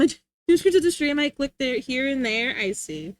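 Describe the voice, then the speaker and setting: A woman's voice: high voice, animated, normal speed, no room sound. A young adult woman livestreamer chatting casually, rambling and giggling as she reads chat aloud. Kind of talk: casual live-stream chat.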